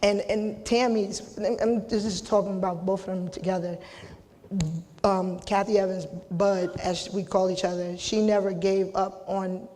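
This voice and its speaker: Middle-aged woman, emotional inductee, choked-up, casual, restarts often, monotone, long reverb. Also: medium pitch. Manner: halting, repeats herself, casual slang. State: holding back tears. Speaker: hall of fame inductee. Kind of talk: emotional acceptance speech.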